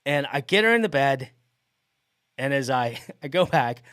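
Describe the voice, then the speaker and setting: A middle-aged man spins a story for his podcast in a relaxed, chatty way, and he keeps breaking into laughter as he talks. His voice sits at an ordinary, mid-range pitch. The recording is close and dry, with no room sound. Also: a little slow, clear, resonant tone, no echo. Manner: animated, laughs often mid-sentence. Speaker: podcast host. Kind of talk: casual storytelling.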